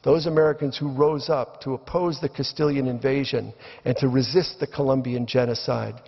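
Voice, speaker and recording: A man's voice: medium pitch, fairly even intonation, moderate pace, creaky. An older man giving reflective opening remarks in a debate, storytelling as he goes. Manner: reflective, storytelling delivery with acted quotes. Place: lecture hall. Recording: dull lo-fi recording in a reverberant hall.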